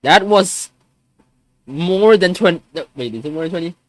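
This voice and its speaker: Young male streamer, fairly high voice that swings up and down, frustrated and cursing, close dry sound, stumbles over his words. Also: animated, normal speed, no room sound. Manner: frustrated, swearing, stammering restarts. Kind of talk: venting on a live stream.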